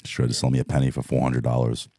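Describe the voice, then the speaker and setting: A young man co-hosting a comedy podcast, chatting loosely with lots of swearing and quick put-on voices in his stories. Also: very deep voice, level tone, warm tone, dry recording, studio quality. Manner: loose, profane, puts on voices in anecdotes. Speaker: podcast co-host. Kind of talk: casual comedic chat.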